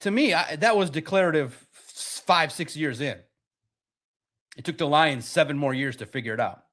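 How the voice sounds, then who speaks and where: On his sports podcast, a man rants heatedly, hammering his points with emphasis, repetition and mockery. His voice is on the high side and a bit bright, moving at normal speed.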